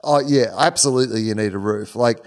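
A man's voice: fairly low pitch, brisk. A man co-hosting a casual sports chat, musing and asking loose questions. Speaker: podcast co-host.

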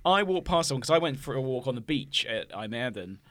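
A man from England co-hosting a casual podcast chat, telling animated stories and laughing often. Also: medium pitch, brisk. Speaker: podcast co-host.

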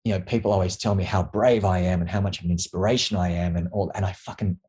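An emotional man from Australia, a podcast guest, speaking haltingly with restarts and blunt swearing. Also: sits low, steady tone, darkish tone, slightly rough. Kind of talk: candid interview talk.

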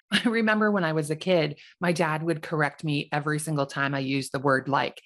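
A woman's voice: sits low, steady tone, a little fast, a bit bright. A woman in her forties, a realtor, giving chatty, self-deprecating advice in a solo podcast.

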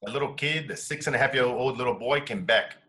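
A middle-aged man sharing a personal story as an interview guest, emotional and dropping to a hush for quoted words. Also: medium pitch, fast. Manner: emotional, drops to a hushed voice when quoting his wife.

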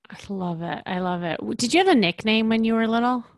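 A woman's voice: fairly high pitch, fast, no echo. A young adult woman coaching a client on a podcast, upbeat and encouraging, with many fillers.

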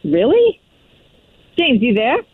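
A woman's voice: high voice, very animated, slow, slightly rough. A woman caller with a put-on New York accent, talking in a brash, breezy way full of fillers. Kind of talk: phone-in radio chat. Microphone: phone. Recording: tinny phone line.

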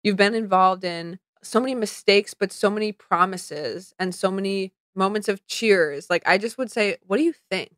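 Young woman chatting on a podcast, says like a lot, bright voice, dry mic. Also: mid-range voice, dry recording. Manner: animated, fast storytelling with lots of "like". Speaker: podcast co-host. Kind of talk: casual chat, storytelling.

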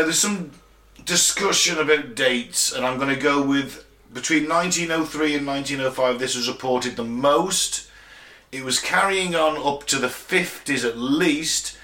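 A man's voice: medium pitch, a little slow, sharp tone. A British man co-hosting a casual podcast, joking and swearing as he reads out listener towns and tells a story. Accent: British English. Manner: sweary, joking, laughs often. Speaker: podcast co-host. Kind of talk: casual banter, reading listener locations. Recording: roomy echo.

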